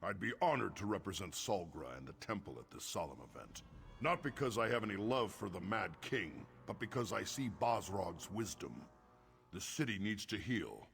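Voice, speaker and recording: An actor playing a grieving male orc temple priest in a video game, speaking in a solemn, measured way with a gravelly voice. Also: fairly low pitch, expressive, fairly bright tone. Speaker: game character.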